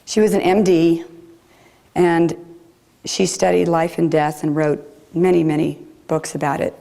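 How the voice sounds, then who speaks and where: Low gravelly-voiced woman preacher. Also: little pitch movement, measured pace. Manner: gentle, reflective delivery. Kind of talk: sermon. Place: chapel.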